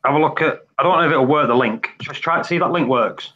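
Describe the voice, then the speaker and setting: Guy hosting a live chat, a bit high, rambly, muffled lo-fi stream sound. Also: fast, pushed and bright. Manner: chatty, rambling. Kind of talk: casual chat. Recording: dull lo-fi stream audio.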